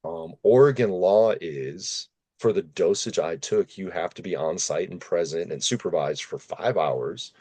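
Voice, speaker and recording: Male podcast host, slightly low voice, animated storyteller, casual and candid. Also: measured pace. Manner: animated, self-deprecating storyteller.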